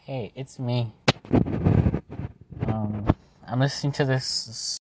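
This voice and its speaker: A man's voice: medium pitch, fairly even intonation. Earnest man musing aloud, vehicle noise behind. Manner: earnest, halting, with fillers and restarts. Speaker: podcast host. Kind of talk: personal reflective monologue.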